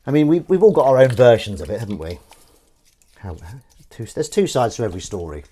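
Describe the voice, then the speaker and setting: A man's voice: mid-range voice, very animated, a little fast, mellow, breathy edge. A man chatting casually on a live stream while washing up, rambling, joking and swearing freely.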